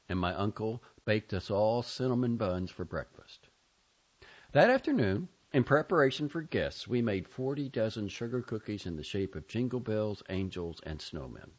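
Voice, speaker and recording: A man reading a first-person story aloud, expressive and shifting between quiet and louder lines. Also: sits low, husky, dull audio. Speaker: audiobook narrator. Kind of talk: scripted first-person narration.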